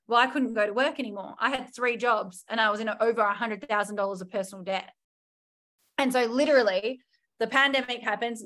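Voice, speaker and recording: A woman in her thirties speaks as a podcast guest, recounting her life candidly. She is lively and expressive, slipping into quoted voices of her past self. Her voice sits slightly high. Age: 30s. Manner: animated, acts out her own past thoughts in quoted voices. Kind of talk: candid personal storytelling.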